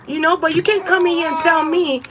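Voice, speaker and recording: A high-voiced woman reading tarot who rants bluntly and defiantly. She swears freely and laughs between points. Faint noise sits under her voice. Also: fairly even intonation, brisk. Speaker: tarot reader. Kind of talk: casual livestream rant.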